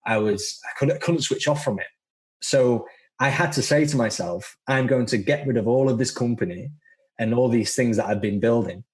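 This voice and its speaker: A man's voice: medium pitch, darkish tone. A man from northern England with a Northern English accent, a guest coach talking bluntly and swearing freely in a casual podcast conversation.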